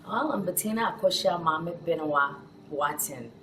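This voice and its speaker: Chatty tv anchor lady telling her life story, low voice, laughing a lot, roomy echo. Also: moderate pace, a little hiss or hum. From Houston, Texas, with Ghanaian roots. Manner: chatty, animated, laughs often. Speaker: TV news anchor. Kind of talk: personal storytelling to camera.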